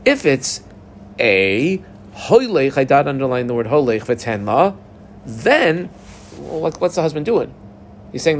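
A man teaching a Talmud class in a casual, animated way, acting out the voices of the people in the case. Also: mid-range voice, normal speed, slight background noise. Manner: animated, acts out the parties in a dialogue.

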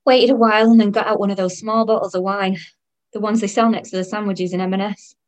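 A woman narrates an audio drama in the first person. Her delivery is wry and tired, with a sardonic bite. Her voice sits at an ordinary middle pitch. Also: fairly even intonation, quick pace. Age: 30s.

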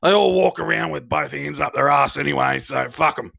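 A man's voice: fairly high pitch, brisk, vocal fry, bright, forceful tone, no room sound, clean studio sound. An Australian man calling in to a podcast, crass and swearing constantly in casual chat. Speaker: call-in regular.

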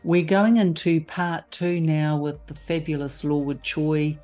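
A woman host speaks slowly in a flat, even tone, introducing her guest and asking questions. Faint music plays behind her. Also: deep voice. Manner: measured, even, warm welcoming phrasing with fillers. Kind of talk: interview introduction.

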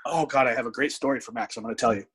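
A man in his thirties telling a gym story in casual chat, animated, swearing often and acting out what people said. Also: medium pitch, rapid-fire, breathy edge, rough recording. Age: 30s. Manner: animated storyteller, frequent profanity, acts out quotes.

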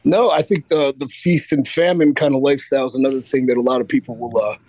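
A man's voice: medium pitch, fairly even intonation, fast, darkish tone, no room sound. A man in casual chat, earnestly recommending a health program.

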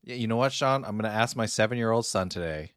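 A man's voice: fairly low pitch, lively intonation, quick pace, a bit bright, dry recording, studio quality. A man in his thirties co-hosting a casual podcast chat, ranting in an exasperated, emphatic way. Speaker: podcast co-host.

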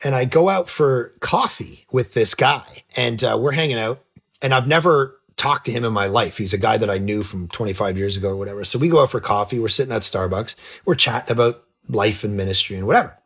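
A middle-aged man, a pastor and author, telling a story as a podcast guest, lively and jumping in pitch when he acts out scenes. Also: a little fast, breathy edge. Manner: animated, jumps pitch when acting out scenes. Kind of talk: casual storytelling in an interview.

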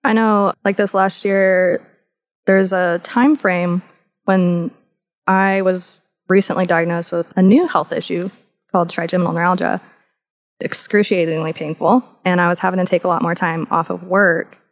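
A woman's voice: fairly low pitch, fairly even intonation, normal speed. A woman co-hosting a casual talk, telling open personal stories with easy laughs and lots of "like" fillers. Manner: candid storytelling, laughs easily, many "like" fillers. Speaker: podcast co-host. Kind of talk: casual discussion.

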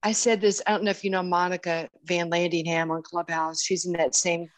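A woman's voice: lowish voice, flat delivery, no echo. Lady in her sixties chatting as a guest, lots of restarts, dry mic. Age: 60s. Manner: warm, halting, with many restarts and fillers. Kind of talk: casual interview chat.

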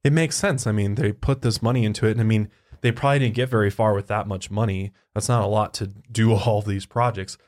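A man's voice: lowish voice, steady tone, quick pace, a little mellow. A man co-hosting a podcast, talking in a loose, rambling way and swearing casually. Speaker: podcast co-host.

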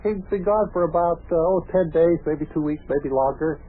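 Man voicing a rambling jolly pal, high-pitched, husky, chuckling, folksy, old radio play, tinny band. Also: moderate pace, close to an everyday voice. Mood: cheery. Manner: chuckling, long-winded, folksy. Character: rambling jolly male pal telling tall tales.

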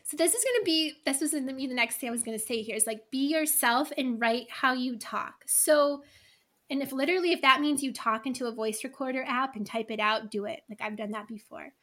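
A woman's voice: high voice, fairly quick, bright, forceful tone. A middle-aged woman talking casually as a podcast guest, chatty and full of asides. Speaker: guest, email copywriter.

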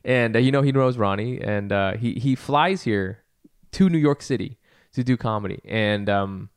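A man's voice: fairly low pitch, normal speed, smooth, no room sound, clean studio sound. A man co-hosting a casual comedy podcast, rambling, laughing often, swearing and acting out what people said. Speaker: podcast co-host.

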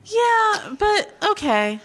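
A woman co-hosting a casual chat podcast, answering in wry, skeptical, drawn-out replies. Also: extremely high pitch, very animated, a bit bright. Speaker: podcast co-host.

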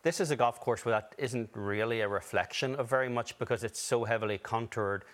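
A man giving articulate, measured golf analysis on a broadcast, with a wry touch. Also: mid-range voice.

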